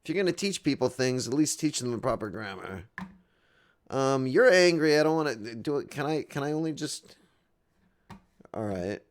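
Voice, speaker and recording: A man commentates his game live, riffing and joking as he goes. His voice sits at an ordinary mid pitch, and he reads the in-game text aloud with playful asides. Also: lively intonation, moderate pace, long pauses. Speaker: game streamer.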